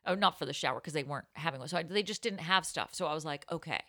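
A woman's voice: low-pitched, rapid-fire, pushed and bright, no echo, clean studio sound. A woman co-hosting a comedy podcast, telling rambling, giggly stories full of silly wordplay. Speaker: podcast co-host. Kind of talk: casual comedic chat.

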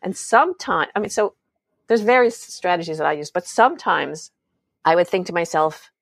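A woman's voice: fairly low pitch, expressive, moderate pace, creaky, dry recording, studio quality. A woman, a parenting book author and mother of three, telling candid stories as an interview guest. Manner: candid, laughs through stories.

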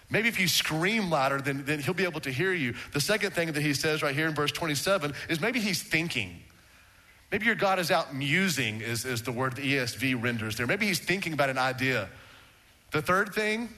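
A man preaching a sermon as pastor, animated, often restarting on a repeated word. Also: on the high side, moderate pace.

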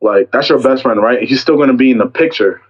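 A young man casually telling a story about a fight with a girlfriend, acting out both sides with lively quoted lines. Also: mid-range voice, a little fast, husky, muffled recording. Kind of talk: casual chat.

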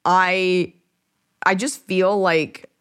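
Playful person pitching joke ideas. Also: steady tone, drawn-out words, a bit bright, smooth. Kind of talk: casual chat workshopping jokes.

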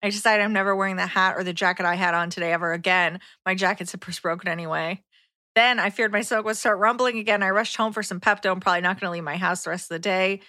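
A woman's voice: medium pitch, steady tone, fast, sharp tone, dry recording, studio quality. A young adult woman co-hosting a podcast, giggling often as she reads a story and chats casually. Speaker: podcast co-host. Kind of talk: reading a listener story aloud, casual chat.

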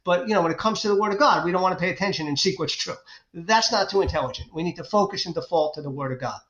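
A man, the guest author on a faith podcast, talking in a fervent preaching way and retelling stories with excitement. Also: high voice, very fast. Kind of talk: faith-based podcast interview. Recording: roomy, dull lo-fi sound.

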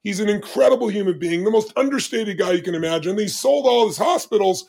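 Gravelly, husky-voiced man in his 60s. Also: animated, fast, darkish tone. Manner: emphatic, dramatic storyteller with big swings of pitch. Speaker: podcast guest. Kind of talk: animated storytelling in conversation.

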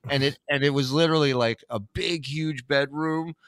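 A man's voice: a little high, normal speed, a bit bright, no echo. A man hosting a podcast, teasing his guests in casual, profane banter and laughing often. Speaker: podcast host.

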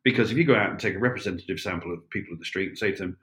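Man, 60s, low-pitched, rambling, wry, storytelling interview guest. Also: racing, few pauses, fairly bright tone. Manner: rambling and wry, with many fillers and restarts. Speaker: interview guest, former police officer. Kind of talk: anecdotal storytelling.

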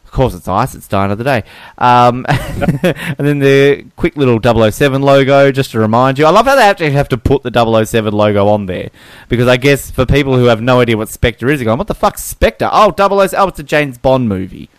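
A man co-hosting a podcast, chatting casually and jokily about films, with halting restarts. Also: mid-range voice, smooth, no echo. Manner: rambling, joking, halting restarts. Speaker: podcast co-host. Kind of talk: casual film chat.

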